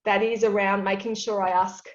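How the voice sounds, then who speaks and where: A woman's voice: medium pitch, level tone, moderate pace, muffled recording. A woman speaking at an awards evening, giving candid, earnest career advice from a home office over a video call, with many fillers and restarts. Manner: self-described extrovert. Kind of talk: reflective advice talk.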